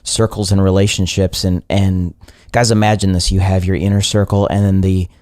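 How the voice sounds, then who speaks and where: A man hosting a podcast, asking questions in a thoughtful, measured way. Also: sits low, little pitch movement, darkish tone, no room sound, clean studio sound. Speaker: podcast host. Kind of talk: interview conversation.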